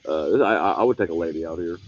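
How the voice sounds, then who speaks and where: A man's voice: low voice, fast talker, lo-fi sound. A man hosting a nighttime outdoor livestream, chatting to viewers in a rambling, laid-back way as he walks around a wooded camp. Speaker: paranormal livestream host. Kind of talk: casual outdoor livestream chat. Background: crickets.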